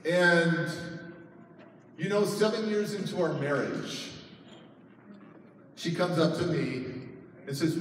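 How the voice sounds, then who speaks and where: A man in his thirties tells a personal story as a conference speaker, acting out voices with lively laughter. His voice sits high for a man. He sounds far from the mic in a big hall, with long reverb and faint noise behind him. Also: measured pace, pauses often. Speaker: motivational speaker. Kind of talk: storytelling keynote speech.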